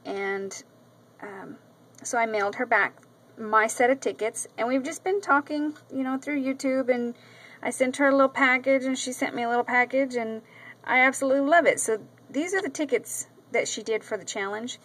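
Woman crafting vlogger, slightly high voice, chatty and effusive, loose casual delivery into the camera. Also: normal speed, fairly bright tone, poor audio. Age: adult with a daughter. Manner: chatty, gushing, with many ums and repeats. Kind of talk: casual show-and-tell vlog. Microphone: camera mic.

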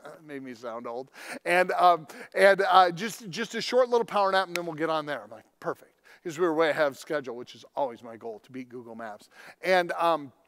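A male pastor preaching a sermon in a conversational storytelling way, with sudden loud emphatic lines. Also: on the high side, expressive, brisk.

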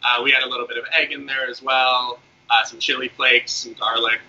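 A man, a guest chef, explaining a recipe step by step in a relaxed way with many fillers. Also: medium pitch, brisk, dull audio, slight background noise. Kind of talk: cooking demonstration.

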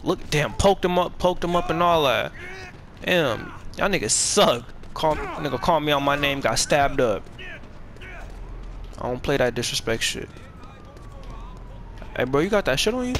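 A man's voice: a little high, animated, moderate pace, long pauses. A man giving casual gameplay commentary, rambling along in profane, slangy, laid-back talk. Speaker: gamer streaming a playthrough.

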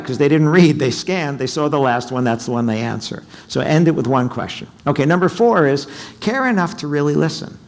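Middle-aged male keynote speaker, lively, quizzes the crowd, fairly high voice. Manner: animated, asks the audience questions, acts out quotes. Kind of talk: sales seminar talk. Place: hotel conference room.

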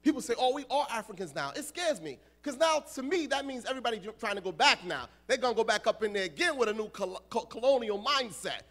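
High, bright, animated American imam. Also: male voice, fast, hardly any pauses, soft background music. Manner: animated, joking with the crowd, acts out voices. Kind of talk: lively youth lecture. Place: large conference hall.

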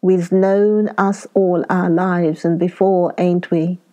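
A woman voicing a dreamy, wild young girl who talks softly and slowly, read in a low, mellow voice. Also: flat delivery, muffled recording. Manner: soft, slow and dreamy.

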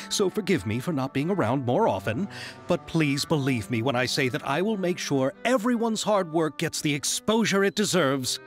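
A man voicing a polite, busy film producer in a fan voice dub, speaking courteously and apologetically. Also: fairly high pitch.

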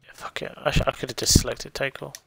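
A man's voice: medium pitch, level tone, fast, gravelly, sharp tone. A man casually commentating his own gameplay on a stream, thinking aloud and swearing freely. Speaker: game streamer.

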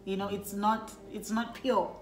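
Middle-aged woman from Lesotho, host, reflective and soft-spoken; echoey room, faint music under. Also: medium pitch, little pitch movement, a little slow. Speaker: host, mother. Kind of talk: casual family chat.

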